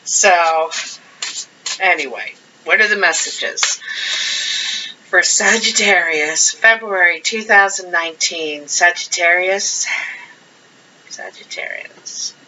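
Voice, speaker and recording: A woman's voice: lowish voice, takes it slowly, noisy background. A woman giving a casual monthly tarot reading, chatty and rambling as she thinks aloud over the cards. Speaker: tarot card reader. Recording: dull lo-fi sound.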